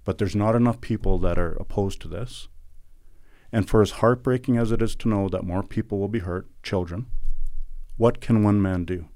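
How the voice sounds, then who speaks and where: A man's voice: lowish voice, moderate pace, dark tone, no echo, clean studio sound. A middle-aged man from Alberta, Canada, a podcast guest recounting events in an earnest, indignant and emphatic way. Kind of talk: conversational interview storytelling.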